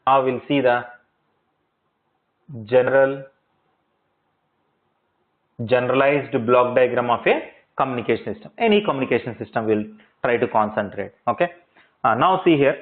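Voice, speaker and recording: A man's voice: mid-range voice, moderate pace, pauses often. A male lecturer teaching in a classroom, repeating points and checking understanding with rhetorical questions. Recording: tinny phone-like audio.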